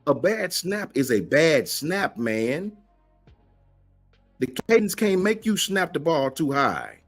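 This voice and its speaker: A man's voice: fairly high pitch, very animated, slow, faint music behind. A man hosts a livestream and answers the chat, emphatic and slangy, firing off rhetorical questions. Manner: slangy, keeps asking "right?". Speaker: host of a college football fan channel.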